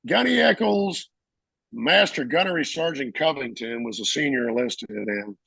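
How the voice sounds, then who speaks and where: A middle-aged man, a veteran, telling his service stories casually and acting out the shouted lines of others. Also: medium pitch, normal speed, gravelly, slightly rough, dry recording, poor audio. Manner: animated, acts out shouted quotes. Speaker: veteran interviewee. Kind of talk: casual storytelling.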